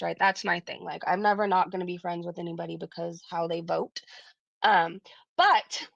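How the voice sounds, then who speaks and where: A woman's voice: on the low side, gravelly, no room sound, highs cut off. A woman hosting a casual livestream, rambling with lots of fillers and frequent laughs. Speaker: livestream host.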